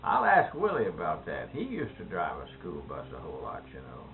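A man's voice: sits low, wildly swooping pitch, brisk, noisy background. A man in a casual interview, mostly giving short affirmations and asking questions. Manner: brief affirming replies, questioning. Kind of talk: conversational interview. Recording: tinny narrow-band old tape.

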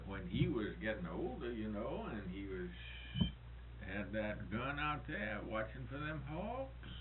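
A man's voice: lowish voice, sing-song, measured pace. A man interviewing and prompting the storyteller, chuckling along. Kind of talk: casual oral history interview. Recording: tinny old tape with hiss.

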